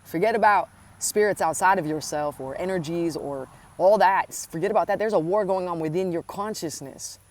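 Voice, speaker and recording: A woman with a fairly low voice speaks straight to her listener in an inspirational spiritual talk. She is earnest and tender, calling the listener endearing names. She drives points home by repeating her phrases. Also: moderate pace, few pauses. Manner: earnest, affectionate, addresses listener directly. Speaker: spiritual coach.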